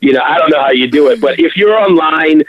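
A man's voice: on the high side, animated, fast, crowd noise. A man calling into a podcast, chatty and telling a story. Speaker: caller. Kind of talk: casual phone call. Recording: dull phone line.

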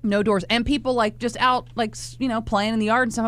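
A man co-hosting a radio show, telling stories in an animated, laughing casual chat. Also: extremely high pitch, fairly quick, hardly any pauses, a little hiss or hum. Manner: animated storyteller, laughs often.

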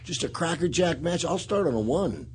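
A man's voice: on the high side, animated, normal speed, a little hiss or hum. A man hosting a casual talk show, telling rambling stories and laughing often. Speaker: podcast host and retired wrestler. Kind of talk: casual chat.

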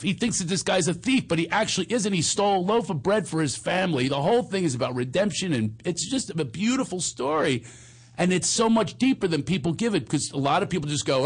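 A man's voice: high-pitched, animated, quick pace, slightly rough. A man hosting a call-in podcast, chatting casually and ranting with comic energy. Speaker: podcast host taking calls. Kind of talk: casual chat.

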